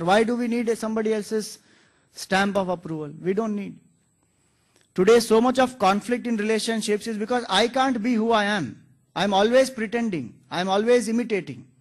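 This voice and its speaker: High-voiced man giving a spiritual talk. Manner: earnest, explanatory, quotes scripture. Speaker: spiritual teacher. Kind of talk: spiritual discourse.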